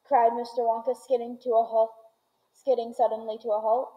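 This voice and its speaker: A woman reading a children's book aloud in steady storytelling, with occasional small restarts. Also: a little high, normal speed, highs cut off.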